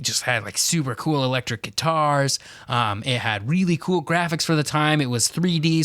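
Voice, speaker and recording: Male podcast co-host, middle pitch, loose filler-heavy explainer, hiccuping, dry close mic. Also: fairly bright tone, dry recording. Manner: explains at length with many fillers. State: has the hiccups. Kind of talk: casual chat.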